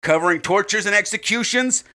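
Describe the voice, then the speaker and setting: A man's voice: high-pitched, fairly quick, sharp tone. A man co-hosting a casual podcast, rambling with lots of fillers and swearing. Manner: rambling, profane, many fillers. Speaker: podcast co-host.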